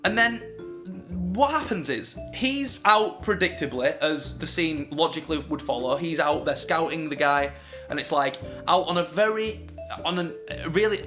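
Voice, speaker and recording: A man co-hosting a casual film debate, acting out characters in quick voices as he talks. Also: on the high side, animated, pushed and bright, soft background music. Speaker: film show co-host.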